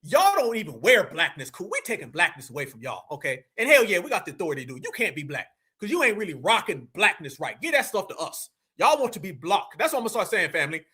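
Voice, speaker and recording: Animated high-pitched male commentator. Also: fast talker, few pauses, slightly rough. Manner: animated, slangy, addresses viewers as family. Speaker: commentary channel host. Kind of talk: reaction commentary.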